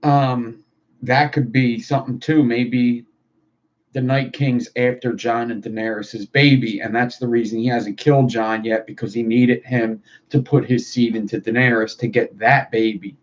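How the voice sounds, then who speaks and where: A man with a medium-pitched, steady voice talks at a moderate pace to his livestream viewers, swearing casually as he builds vape coils. Faint noise runs under the dull, lo-fi audio.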